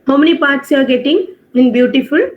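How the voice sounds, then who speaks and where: A woman with a high voice teaches an online English class briskly, explaining step by step, checking understanding with questions and mixing in Hindi phrases. The video-call audio sounds dull, like a typical online class.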